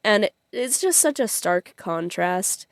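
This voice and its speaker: A woman's voice: mid-range voice, sing-song, slow pace, no room sound, studio quality. A young woman chatting casually on her vlog, rambling with fillers and frequent giggles. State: tearful at times. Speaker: vlogger.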